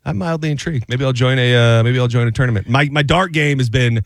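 A man hosting a radio show, telling stories in a rambling, animated way with lots of fillers. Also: mid-range voice, fast, gravelly, dry recording. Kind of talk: casual on-air banter. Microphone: studio microphone.

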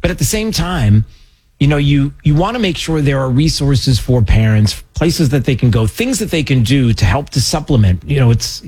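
A man's voice: mid-range voice, lively intonation, normal speed, darkish tone, husky. A man hosting a talk radio show, chatting casually and rambling with a joking, self-deprecating manner.

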